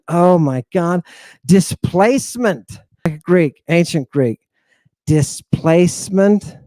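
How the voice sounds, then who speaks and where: A man teaching an informal language lesson in a brash, teasing way, with quick asides to his students. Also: a little high, darkish tone, no echo, clean studio sound.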